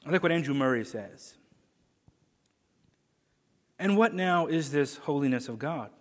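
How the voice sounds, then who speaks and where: A man preaching a sermon, emphatic, swinging between loud proclamation and hushed low lines. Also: lively intonation, unhurried, big-room sound.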